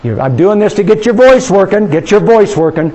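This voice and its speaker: High-voiced man leading fervent prayer. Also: expressive, rough recording. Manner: fervent, intimate, coaxing the listeners to pray aloud; drifts into soft, slow speaking in tongues. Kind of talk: charismatic prayer session.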